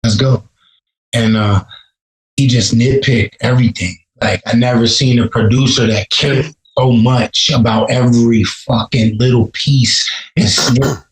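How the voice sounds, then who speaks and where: This is a rapper from Chicago, USA, guesting on a podcast and spinning stories in a relaxed, foul-mouthed way. His mid-range voice stays fairly level and moves a little slowly. The recording is low quality and echoey.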